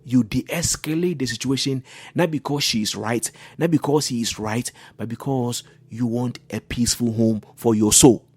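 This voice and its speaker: A man's voice: mid-range voice, normal speed, darkish tone, slightly rough, no room sound. A man, a pastor on a talk show, teaching about marriage in an earnest, repetitive preaching style.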